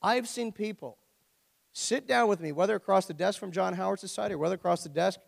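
A man's voice: high-pitched, a little fast, gravelly. A middle-aged man preaching a sermon as pastor, conversational and joking, full of rhetorical questions. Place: church. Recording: long church hall reverb.

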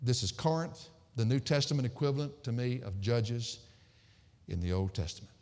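A middle-aged male pastor preaching a sermon, emphatic and swinging from loud sarcastic peaks down to quiet low endings. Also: expressive, normal speed. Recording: hall reverb.

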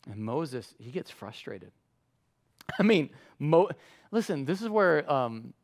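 A man preaching a sermon in a conversational way, acting out quotes with lively voices. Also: mid-range voice. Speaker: pastor.

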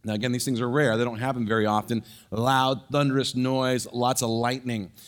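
This is a middle-aged pastor's sermon, delivered briskly in a medium-pitched voice. He tells a personal story with energy, stumbling into restarts and fillers along the way.

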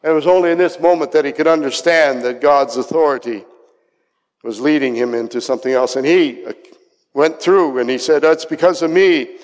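A male pastor preaching a dramatic sermon, acting out the voices he quotes and dropping to soft asides. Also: medium pitch, brisk. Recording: long hall reverb.

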